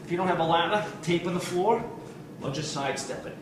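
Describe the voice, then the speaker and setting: A man's voice: high-pitched, fairly quick. Man coaching drills in a roomy gym. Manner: energetic, counts reps while exercising. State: out of breath at times. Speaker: fitness coach. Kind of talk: demonstrating warm-up drills. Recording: roomy, distant mic with ambient noise.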